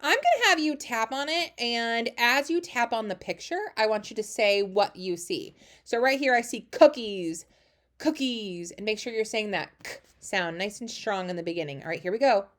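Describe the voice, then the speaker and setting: A woman teaching a phonics lesson to young children, warmly encouraging with lots of praise. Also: fairly high pitch, normal speed. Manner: encouraging, lively, sing-song praise.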